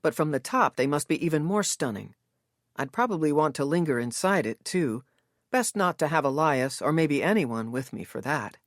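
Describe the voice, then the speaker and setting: A woman reading a mystery novel aloud in first-person, measured and steady. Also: low-pitched, no room sound, studio quality. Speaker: audiobook narrator. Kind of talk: scripted first-person narration.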